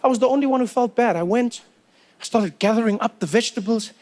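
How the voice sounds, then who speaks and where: A man with a South African accent telling stand-up comedy stories with animated, repetitive comic timing. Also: very high voice, fast.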